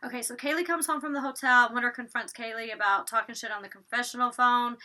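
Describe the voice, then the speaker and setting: A young woman from Georgia with a Southern accent, recapping a reality TV episode in a chatty, fast way full of "like.". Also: on the high side, sharp tone.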